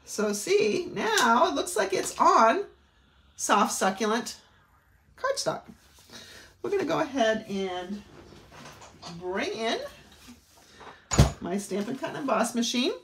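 A woman's voice: fairly high pitch, very animated, takes it slowly, long pauses, a bit bright, a little hiss or hum. A middle-aged woman with a Maine accent, demonstrating a craft technique in a chatty way with rambling asides. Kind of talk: craft tutorial. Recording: roomy echo.

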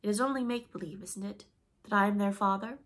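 A woman voicing a cheerful, boastful boy who pretends to be a father, in a bright swaggering tone. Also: mid-range voice, fast, close to an everyday voice.

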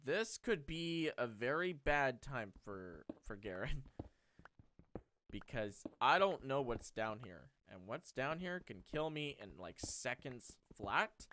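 Let's Play host, male, animated delivery with big pitch swings; mutters low, then yelps with excitement; casual swearing. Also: measured pace, a little hiss or hum. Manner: excitable, swears, thinks aloud. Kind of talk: gameplay commentary.

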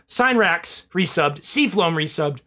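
A man's voice: fairly high pitch, expressive, slow, bright, forceful tone. A young man streaming, rambling casually through thank-yous to his chat and swearing now and then, a little out of breath.

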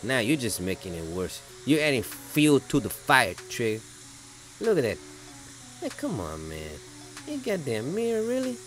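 A man doing a bright, swinging heckler. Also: medium pitch, wildly swooping pitch, measured pace, soft background music, pitched above the performer's own voice. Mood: scolding. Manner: scolding, swearing, mock outrage. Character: irate adult male viewer heckling a painter.

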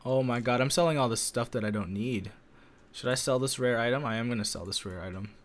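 A man chatting casually while playing a game with a friend, teasing and breaking into sudden excited yells. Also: mid-range voice, fast talker. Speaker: gameplay commentator. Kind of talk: casual let's-play banter.

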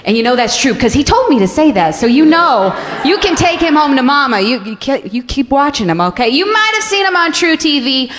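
A woman's voice: sits high, very animated, a little fast, few pauses. A woman hosting a comedy night, hyping the crowd and teasing before bringing on the comic. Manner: hyped, teasing crowd work. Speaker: show host introducing the comic. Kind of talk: emcee introduction. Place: comedy club stage. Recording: reverberant club hall with audience noise.

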